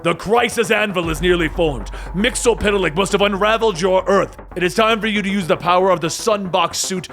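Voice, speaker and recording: A man's voice: moderate pace, gravelly, few pauses, a bit bright. A man voicing an imperious, godlike male creator of worlds in a comic story recap. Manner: imperious, booming.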